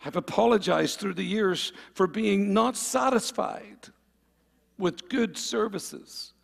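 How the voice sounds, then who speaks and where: In a large hall, a man preaches a fervent sermon slowly, his creaky voice sitting high. He calls on the congregation for amens and shifts between loud and quiet stretches.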